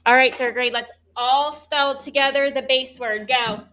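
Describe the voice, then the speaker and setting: A woman teaching a third grade spelling lesson, spelling words out slowly and clearly letter by letter. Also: a little high, fairly even intonation, sharp tone.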